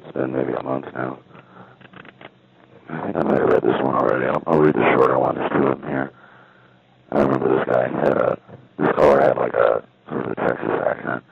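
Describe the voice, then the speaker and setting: Gravelly low man on a phone line. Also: fairly even intonation, a little fast, no echo. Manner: meandering, hesitant, wry. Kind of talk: rambling monologue from a payphone. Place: at an outdoor payphone. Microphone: phone handset.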